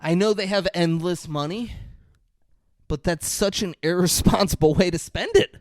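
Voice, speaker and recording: A man's voice: high-pitched, normal speed, dry recording, studio quality. A man co-hosting a podcast, ranting in disbelief and swearing as he chats about a movie. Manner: incredulous, ranting, profane. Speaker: podcast co-host. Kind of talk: casual movie review chat.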